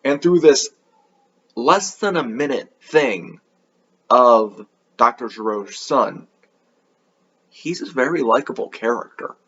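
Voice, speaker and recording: A man's voice: medium pitch, lively intonation, slow pace, pauses often, fairly bright tone, breathy edge, lo-fi sound. A man hosting an anime review video, talking in a casual, offhand, rambling way with a sarcastic edge.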